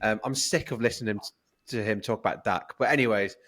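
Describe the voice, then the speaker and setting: A man's voice: on the low side, a little fast, a bit bright, husky. A British man co-hosting a sports podcast, teasing and joking in casual chat. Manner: joking, teasing, repeats catchphrases. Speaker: podcast co-host.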